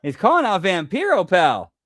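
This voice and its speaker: High-voiced rambling male stream host. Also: wildly swooping pitch, normal speed, fairly bright tone, slight background noise. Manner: rambling, swearing, self-correcting. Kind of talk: casual chat.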